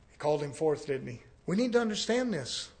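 A man preaching a sermon in church. He swings between loud, emphatic scripture reading and low, conversational asides, and he drawls out repeated words for emphasis. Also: very animated, normal speed.

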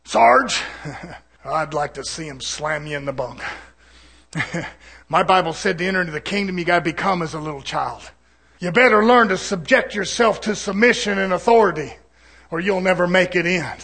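A man preaches in a church, his voice sitting very high for a man and ringing with a bright, cutting edge. He swings from shouted, fiery climaxes down to hushed, chatty asides aimed at his congregation. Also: normal speed, gravelly, husky. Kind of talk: sermon.

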